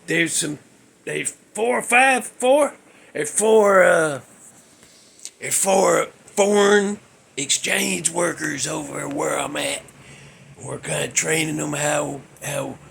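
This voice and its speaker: A man's voice: on the high side, creaky, fairly bright tone, slight background noise. A man, hosting a casual show from his garage, telling rambling folksy stories with frequent chuckles and restarts. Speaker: podcast host.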